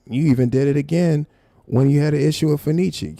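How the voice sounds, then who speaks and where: A man's voice: a little high, a little fast, creaky, warm tone, no room sound, studio quality. A man hosting a live stream, confrontational and profane, calling someone out in a heated rant.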